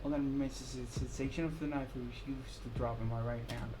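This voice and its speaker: A woman streamer giving an intense dramatic reading of a visual novel, swinging from hushed whispers to loud cries. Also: rumbling low, steady tone, a little fast, noisy background. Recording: clear background music.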